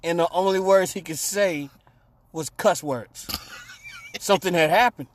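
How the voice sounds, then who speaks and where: A man's voice: sits high, measured pace, a little hiss or hum. A man on a radio talk show telling a rambling, profane story and acting out the quotes. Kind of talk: casual storytelling chat.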